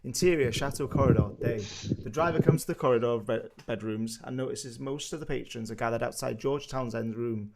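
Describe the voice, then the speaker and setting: A man reading the stage directions of a script briskly, bantering and laughing with friends on a video call. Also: mid-range voice, creaky, over a noisy crowd. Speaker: narrator of a live script read.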